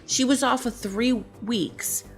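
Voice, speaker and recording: A woman's voice: fairly high pitch, slow, faint music behind. A middle-aged woman ranting casually on her horror vlog, sarcastic and profane as she tells stories. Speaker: horror vlogger. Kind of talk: casual rant.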